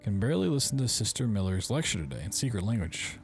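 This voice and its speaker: Guy doing a lets play, lowish voice, reads notes out loud and cracks dry jokes, quiet music in the back. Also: sing-song, fast. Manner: reads letters aloud with wry, joking asides. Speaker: gaming video host. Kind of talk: game playthrough commentary.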